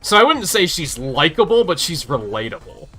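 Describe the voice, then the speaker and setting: Male streamer, bright sharp voice, profane animated game chat, faint music behind. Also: fairly high pitch, moderate pace. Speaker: livestream host. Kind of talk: casual chat while gaming.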